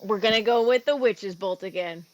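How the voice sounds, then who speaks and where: Woman player, casual, giggly, middle pitch, relaxed chatter. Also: normal speed, low-quality recording. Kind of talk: playing a tabletop game.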